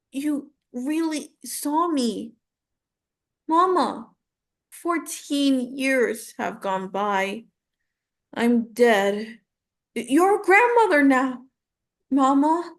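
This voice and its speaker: A grieving young woman's ghost pleads softly with her mother, as a woman acts her out. The voice sits high and bright, and the lines come slowly with long, aching pauses. It is a dramatic monologue reading, tender and wistful throughout. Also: exaggerated voice. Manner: tender, pleading, halting delivery.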